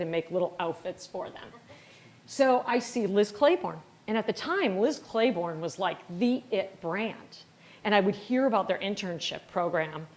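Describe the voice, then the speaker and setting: Chatty middle-aged woman telling stories. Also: mid-range voice. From Wisconsin, USA. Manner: chatty, self-deprecating, acts out dialogue. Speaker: company founder giving a lecture. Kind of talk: storytelling lecture.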